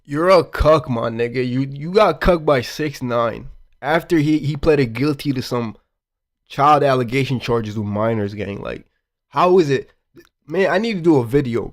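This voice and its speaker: A man hosting reaction commentary, animated and slangy, swearing and talking straight to his viewers. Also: mid-range voice. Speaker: commentary host.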